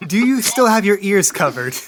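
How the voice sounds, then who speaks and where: A man running a tabletop role-playing game, laying out scenes and calling rulings in an easygoing tone. His voice sits a little high for a man. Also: big pitch swings, normal speed, heavy background noise. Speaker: game master.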